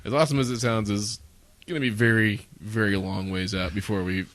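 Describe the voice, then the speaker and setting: Male podcast co-host, casual and chatty, bright edge, dry close mic. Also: on the low side, steady tone, fairly quick, dry recording. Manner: chatty, laughs often, filler "uh". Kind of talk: casual chat, reading listener feedback.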